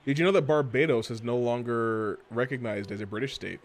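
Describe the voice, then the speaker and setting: A man's voice: medium pitch, a little fast. A man casually chatting and joking while playing a football video game on stream. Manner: rambling, jokey, swings to excited yelps at plays. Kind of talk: casual gameplay commentary.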